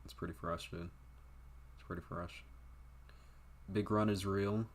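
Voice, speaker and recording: A young man rambles through a casual game livestream, tossing out offhand remarks and frequent swearing. His voice sits very low and deep. He talks loosely to his viewers, often trailing off mid-thought. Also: fairly even intonation, a little slow, a little hiss or hum. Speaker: game streamer.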